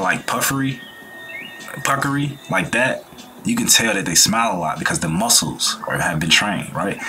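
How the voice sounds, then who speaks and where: A man chatting casually as a reaction host, loose and slangy, drifting into life lessons. His voice sits fairly low but has a sharp, bright edge, with a faint hiss behind it. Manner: laid-back, slangy, preachy about life and good vibes; acts out quoted people in changed voices.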